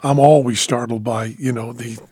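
A middle-aged man hosting a podcast, speaking in a halting, mild way with dry quips. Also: medium pitch, fairly even intonation, a little mellow, husky. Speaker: podcast host. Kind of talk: casual interview chat.

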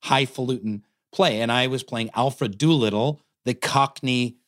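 A man co-hosting a podcast who is an actor himself, telling an anecdote with animated, self-amused energy. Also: mid-range voice, unhurried. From United States. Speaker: co-host, actor. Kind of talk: casual podcast chat, storytelling.

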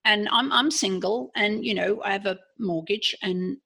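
Woman, English accent, interview guest; gravelly husky timbre, earnest and frank. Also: mid-range voice, moderate pace, pushed and bright. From England. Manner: earnest, frank, with frequent restarts. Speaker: podcast guest. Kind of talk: personal storytelling in an interview.

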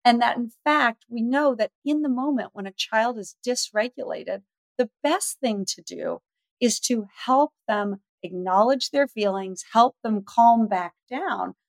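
A middle-aged woman speaking as the expert guest on a parenting podcast, telling stories lively and acting out the dialogue. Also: fairly high pitch, a little slow, gravelly, no echo. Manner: animated storyteller, acts out dialogue. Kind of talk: podcast interview.

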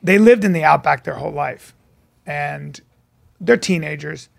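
A man co-hosting a podcast tells a wild story, swearing a lot and acting out the voices of the people involved in his animated storytelling. His voice sits on the high side and is gravelly, and he speaks a little slowly.

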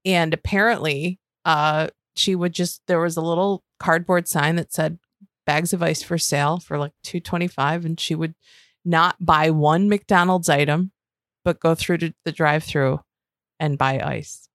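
A woman's voice: low-pitched, fairly even intonation, a little slow, fairly bright tone, no room sound, clean studio sound. A woman co-hosting a podcast, chatting casually and telling candid, profane stories. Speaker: podcast co-host. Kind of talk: casual chat.

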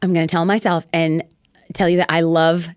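A woman's voice: on the low side, little pitch movement, normal speed, smooth, no room sound, studio quality. A woman guest on a podcast, a Bible teacher, chatting in an exuberant, playful, gushing way. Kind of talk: casual chat.

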